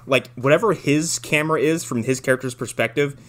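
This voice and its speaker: A man's voice: medium pitch, fairly quick. A man co-hosting a casual movie podcast, joking and cursing as he discusses a film. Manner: crude, joking. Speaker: podcast co-host. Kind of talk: casual movie review banter.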